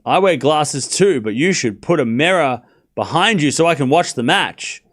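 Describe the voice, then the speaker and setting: Lively man doing mock outrage. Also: fairly high pitch, normal speed. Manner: playful mock outrage while reading viewer messages. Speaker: streamer calling a tennis match. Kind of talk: live watchalong commentary and chat banter.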